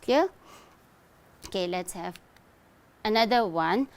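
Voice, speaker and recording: A woman's voice: medium pitch, expressive, takes it slowly, clear, resonant tone. A middle-aged woman teaching an English lesson, explaining step by step and checking in often with "okay?" and "right?". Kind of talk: recorded online lesson.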